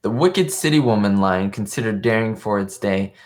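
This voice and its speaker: A man's voice: on the low side, expressive, moderate pace. Chatty man hosting a live stream. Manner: chatty, rambling, reads viewer chat aloud. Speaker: show host. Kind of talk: casual live-stream commentary. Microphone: webcam live stream.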